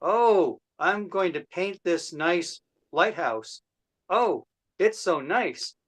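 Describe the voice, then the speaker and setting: A man's voice: high-pitched, expressive, slow, a bit bright, full character voice. A man putting on the voice of a flustered young male painter, exclaiming in dismay over a video call.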